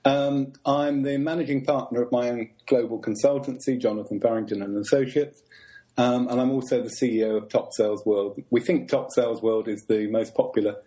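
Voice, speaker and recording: A man from the UK, a guest on a podcast, answering with dry humor and relaxed hesitations. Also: medium pitch, brisk. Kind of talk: interview answers.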